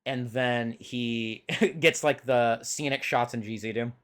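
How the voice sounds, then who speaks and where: A reaction video host chatting casually, excitable and laughing often. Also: medium pitch, slow.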